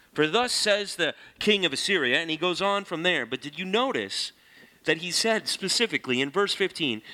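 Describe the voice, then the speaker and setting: Animated man teaching from the Bible. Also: on the high side. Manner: animated, conversational, reads scripture aloud.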